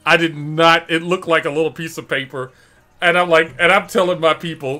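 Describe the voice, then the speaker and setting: A man's voice: on the high side, fairly quick. A middle-aged man from Detroit, telling stories in a casual chat and laughing often. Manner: animated, laughing often, acting out quotes. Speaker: streamer host. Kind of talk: casual storytelling.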